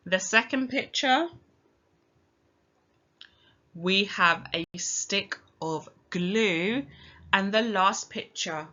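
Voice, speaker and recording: Slow, bright-voiced British woman teacher. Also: mid-range voice. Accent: British English. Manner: slow, clear, encouraging, sounds out letters. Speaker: primary school teacher. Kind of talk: recorded phonics lesson for children. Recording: dull lo-fi home recording.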